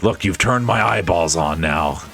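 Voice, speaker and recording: A man's voice: low-pitched, a little slow, vocal fry, a bit bright, soft background music. A man streaming a game, reading its dialogue aloud and joking with his chat between lines in a playful, chuckling way.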